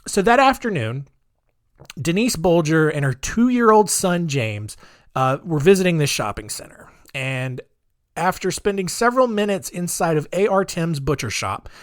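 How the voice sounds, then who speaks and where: A man's voice: a little high, sing-song, measured pace, no room sound, clean studio sound. A man hosting a podcast, telling a story in a chatty, rambling way with sarcastic asides. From United States. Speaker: podcast host.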